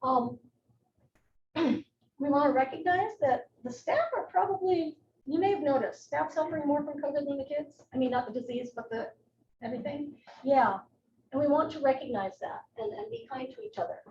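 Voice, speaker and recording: A middle-aged woman giving a live educational talk as a nurse presenter, chatty and animated, with personal asides. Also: sits high, moderate pace. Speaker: psychiatric nurse practitioner, presenter. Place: presentation room. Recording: echoey room, distant mic, muffled, faint noise.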